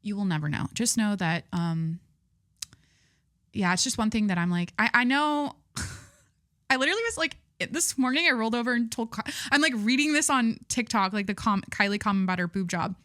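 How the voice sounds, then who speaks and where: Speaking at a moderate pace, a young woman with a medium-pitched, slightly bright voice chats on her own podcast in clean, dry studio sound. Her talk is rambling and candid, full of fillers and restarts, with casual gushing and swearing.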